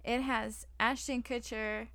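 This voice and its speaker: A woman's voice: a little high, little pitch movement, slow, gravelly, sharp tone, no room sound. A young adult woman co-hosting a podcast in casual chat, enthusiastic and casual, swearing now and then. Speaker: podcast co-host.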